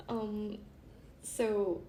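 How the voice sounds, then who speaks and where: A woman's voice: medium pitch, warm tone. A young woman vlogger casually reading funny stories aloud, chatty and giggly, often breaking off to laugh. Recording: echoey room with faint hiss.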